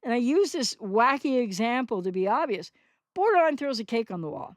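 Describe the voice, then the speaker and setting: Higher-voiced woman in her sixties, rambling. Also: sing-song, a little fast, dry recording, clean studio sound. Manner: rambling, self-correcting, candid. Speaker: recovery channel host. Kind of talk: unscripted monologue answering a commenter.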